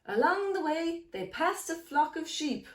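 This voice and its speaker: Brief: woman author reading aloud to kids, very expressive pitch. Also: measured pace, reverberant. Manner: animated, addresses children directly. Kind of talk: picture-book read-aloud for children.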